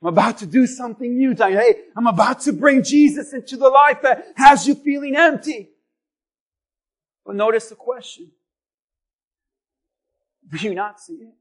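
A man preaching a sermon as pastor, telling stories animatedly and swinging between loud bursts and hushed lines. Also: extremely high pitch, moderate pace.

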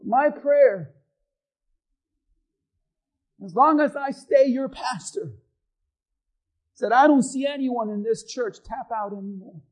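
High-voiced preacher, slow, shouting. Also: male voice, low-quality recording. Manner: preaching with sudden shouted peaks and hushed drops; acts out voices of doubters and accusers. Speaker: pastor. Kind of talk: sermon. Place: church.

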